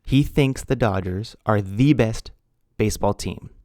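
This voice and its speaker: Male ESL teacher, recorded lesson; measured and patient, spells things out; lowish voice, dry sound. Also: darkish tone, no room sound.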